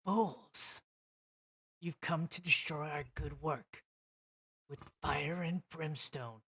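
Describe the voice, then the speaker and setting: A man voicing a sinister demonic figure with a dark, guttural voice. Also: on the high side, slow, gravelly, husky, heavily acted. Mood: menacing. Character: sinister male demonic voice, menacing.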